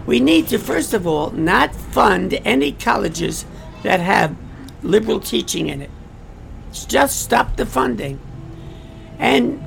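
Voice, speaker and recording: Speaking with vocal fry in a high-pitched, slightly bright voice, a man holds forth on politics. He repeats himself emphatically, asks rhetorical questions, and turns aside to address his listeners.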